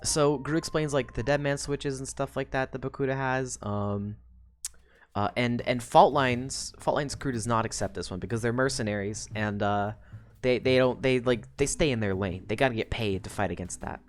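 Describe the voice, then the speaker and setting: A woman's voice: rumbling low, normal speed. A woman streamer recapping a book in a casual, rambling way, with lots of swearing and laughter.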